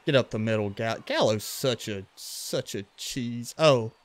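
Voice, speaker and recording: A man's voice: mid-range voice, measured pace, no room sound. Laid-back Louisiana man streaming a game. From western Louisiana. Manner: relaxed, chatty, reacting to plays and greeting chat. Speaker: gaming livestreamer. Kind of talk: casual game commentary and chat with viewers.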